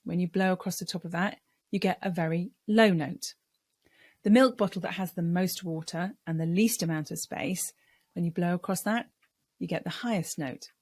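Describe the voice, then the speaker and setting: A woman's voice: on the low side, darkish tone, no room sound. A middle-aged woman speaking coach giving a patient, explanatory lesson on how the voice works and demonstrating vocal sounds. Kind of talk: instructional talk to camera.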